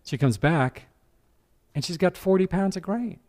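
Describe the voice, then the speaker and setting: A man preaching a sermon as pastor, animated, breaking into character voices. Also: high voice, unhurried.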